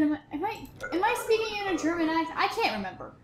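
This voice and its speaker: A woman's voice: very high voice, sing-song, fast, few pauses, reverberant, slight background noise. A woman chatting in a self-mocking, giggly way as she plays a video game, commenting on the game. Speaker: gamer. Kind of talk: let's play commentary.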